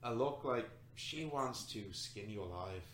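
A man runs a tabletop game, narrating scenes in a loose, rambling way full of fillers and restarts. His voice sits at an ordinary middle pitch. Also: animated, a little slow, reverberant. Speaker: game master.

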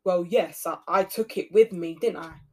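A woman voicing a gruff, dismissive male night porter who speaks with a Cockney accent and growls his words. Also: high voice, normal speed, pitched below the performer's own voice. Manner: growling, curt.

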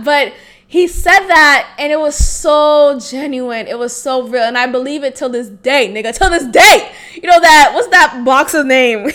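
Woman, late 20s, solo podcast host; high, bright voice; candid and casual, salty language, laughs easily. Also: measured pace. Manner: frank and casual, swearing freely and breaking into laughter.

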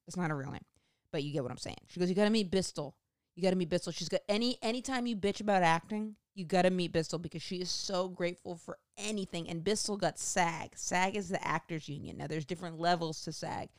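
A woman telling a rambling, profane comic story in a casual monologue, going off on animated tangents. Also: fairly low pitch, clear, resonant tone, no echo, studio quality.

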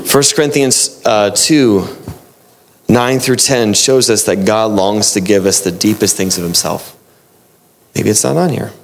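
A man's voice: on the low side, normal speed, gravelly, slight background noise. A man preaching a sermon, earnest and explaining, often repeating and restarting his phrases.

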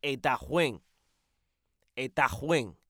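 A man voicing a brash, foul-mouthed comedy podcast host who talks loudly and bursts into high, excited outbursts. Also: slow pace, dry recording, studio quality. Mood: loud ribbing. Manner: loud, brash, swears constantly, pitch jumps high. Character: brash loud profane male podcast host. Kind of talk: comic sketch.

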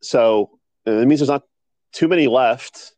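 A man co-hosting a casual podcast, telling stories in an animated way and sharing strong opinions. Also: mid-range voice, unhurried, no echo. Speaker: podcast co-host. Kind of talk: casual chat.

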